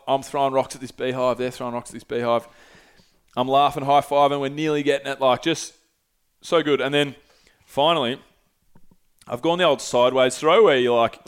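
Young male podcaster, smooth clear voice, rambling and sweary storytelling. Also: medium pitch. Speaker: podcast host. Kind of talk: casual solo storytelling.

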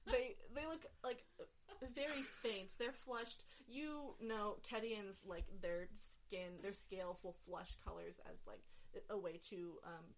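A woman's voice: mid-range voice, steady tone, slow, noisy background. A woman narrating as game master of a tabletop game, rambling and full of fillers as she explains the rules.

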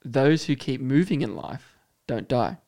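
A man's voice: medium pitch, lively intonation, warm tone. A man co-hosting a faith podcast, bantering and teasing his co-host while reading out quotes. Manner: joking and teasing, quick to laugh.

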